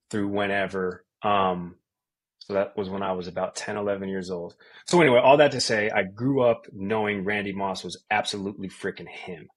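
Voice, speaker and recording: A man in his thirties from Colorado, a sports anchor telling a casual, animated story as a podcast guest, full of slang. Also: deep voice. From Colorado, USA.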